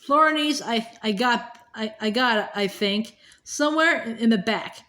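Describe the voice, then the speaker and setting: Woman playing a gruff old bookseller. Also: a little high, unhurried, bright, forceful tone. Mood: grumbling. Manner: stammering, grumbling, irritable. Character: older male bookseller, gruff, haggling, thick accent.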